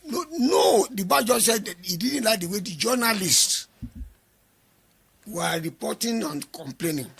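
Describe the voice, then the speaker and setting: A man gives an interview, recounting events by quoting his own exchanges and insisting on his side. His voice sits high and bright, with a gravelly, husky edge. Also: lively intonation, unhurried. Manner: quotes himself and others in dialogue, insistent denials. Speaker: interview guest. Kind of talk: recounting a story in conversation.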